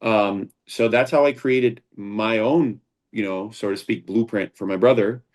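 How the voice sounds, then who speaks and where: A man with a fairly low voice talks as a guest in a relaxed interview. He tells his stories earnestly and at length, often restarting his sentences. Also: a little slow. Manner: earnest, rambling with frequent restarts. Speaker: founder and combat sports instructor, guest. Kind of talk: casual interview storytelling.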